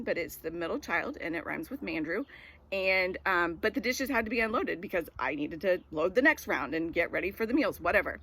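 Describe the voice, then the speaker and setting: A woman's voice: fairly low pitch, fairly bright tone, slightly rough. A woman in her forties giving a casual devotional talk. She tells a personal story in a rambling way with many filler words. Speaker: devotional speaker.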